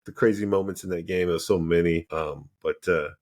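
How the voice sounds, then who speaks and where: A man's voice: deep voice, steady tone, brisk, a little mellow. A man co-hosting a podcast, telling a story in casual chat and animatedly acting out the dialogue. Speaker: podcast co-host.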